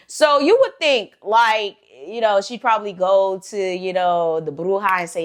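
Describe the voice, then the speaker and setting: A woman's voice: mid-range voice, unhurried, few pauses. A woman hosting a storytime channel, telling a story casually with lots of slang, "like" fillers and swearing.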